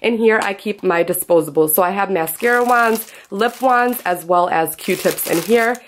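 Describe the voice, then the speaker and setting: A young woman talks through her makeup kit in a relaxed, upbeat vlog. Her delivery is chatty and casual, with plenty of asides. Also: mid-range voice, moderate pace, slight background noise. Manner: chatty, upbeat, lots of "literally". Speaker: freelance makeup artist.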